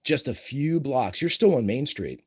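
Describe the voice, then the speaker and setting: A man running a tabletop game as game master, describing scenes in steady narration. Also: mid-range voice, unhurried, slightly rough.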